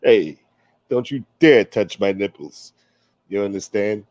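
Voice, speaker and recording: A man putting on a gruff old-school mobster who keeps calling himself a gentleman, menacing yet mock courteous. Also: on the low side, expressive, measured pace, dry recording, lo-fi sound, pitched below the performer's own voice.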